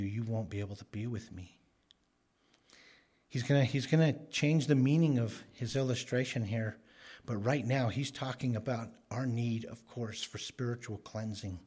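A male preacher delivers an expository sermon in a husky, slightly breathy voice. His pitch sits in an ordinary middle range. He presses hard on key phrases and briefly acts out the people he quotes. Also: darkish tone. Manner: emphatic, voices the characters in quotes.

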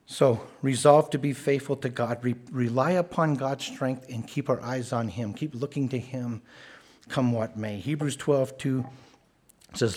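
A man's voice: mid-range voice, unhurried, darkish tone, slightly rough. A man preaching a sermon in an earnest, conversational way, often restarting his words.

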